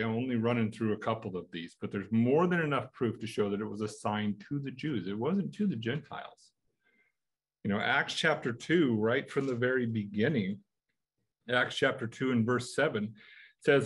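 A man's voice: medium pitch, slightly rough. An American man teaching a Bible study in a conversational way, asking his listeners rhetorical questions. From United States.

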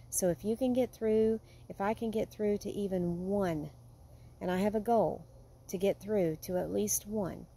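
A woman vlogging at home, talking in an earnest, heartfelt way that sometimes drifts soft and quiet. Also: on the low side, slight background noise. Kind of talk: casual vlog monologue. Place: home with a yard.

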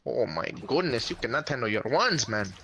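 A man's voice: medium pitch, sing-song, normal speed, vocal fry, very noisy. A man teasing his friend while they play a shooter game together in casual chat. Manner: teasing, mocking. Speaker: gaming friend.

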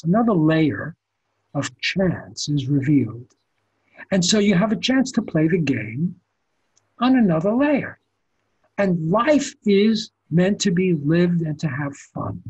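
An older man, a photographer telling stories as an interview guest with animated restarts. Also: sits high, slightly rough, low-quality recording. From the Bronx, New York. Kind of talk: conversational storytelling interview.

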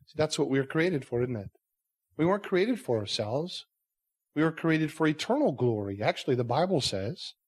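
A man's voice: medium pitch, darkish tone. A male pastor delivering a sermon, earnest and conversational, pressing his listeners with rhetorical questions. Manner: conversational asides.

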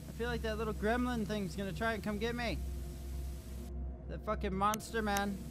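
A man hosting a let's play video, excitable and swearing constantly, shouting when panicked. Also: high voice, normal speed, noisy background. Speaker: gaming video host. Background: horror game music and sounds.

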